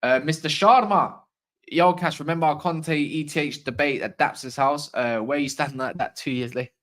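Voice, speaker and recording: Speaking at a normal speed in a slightly high voice, this man hosts a football fan channel's livestream. He's opinionated and animated, firing off slangy remarks and responding to comments from the chat.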